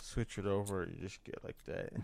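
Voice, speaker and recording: A man's voice: deep voice, moderate pace, vocal fry. A man hosting a podcast, chatting casually and jokingly with friends and laughing often. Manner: jokey, animated, laughs often. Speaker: podcast host. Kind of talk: casual chat among friends.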